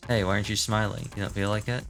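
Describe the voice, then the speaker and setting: A man's voice: lowish voice, steady tone, racing, fairly bright tone, soft background music. A man reading out a taunting fan's mocking words in a game story.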